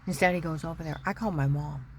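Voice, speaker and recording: A woman with a deep, low-pitched voice tells her own story in an emotional testimony. She circles back to her main points and repeats them for emphasis. A faint background noise sits under the recording. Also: fast, a little mellow. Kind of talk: personal testimony.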